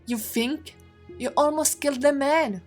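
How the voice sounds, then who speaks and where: Woman as stern mentor, higher voice, formal and scolding, soft music under. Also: measured pace. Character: stern female mentor and fighter. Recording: faint music behind.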